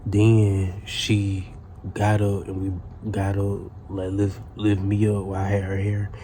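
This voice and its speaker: A man's voice: sits low, monotone, slow pace, mellow, slight background noise. A man telling a casual storytime tale in a profane, rambling way, full of restarts.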